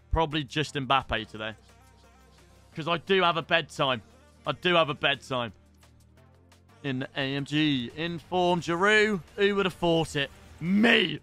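Excitable young streamer, high and bright, casual and sweary, quiet music in the background. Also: male voice. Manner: excitable, shouts at pack pulls, swears. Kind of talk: casual live-stream chat.

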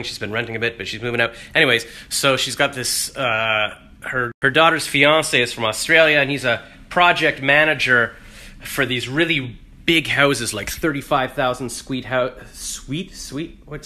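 A man's voice: mid-range voice, sharp tone. A man rambling through a jokey, self-deprecating casual vlog. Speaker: vlogger.

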